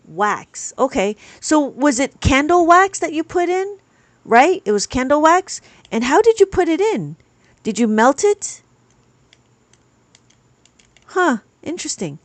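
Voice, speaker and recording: A woman hosting a live abacus lesson, greeting viewers and answering their comments as they come in. Her voice sits a little high and swings up and down a great deal, and it sounds close and dry, with no echo. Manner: chatty, reads viewer comments aloud and answers them. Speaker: abacus teacher. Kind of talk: live stream chat with viewers.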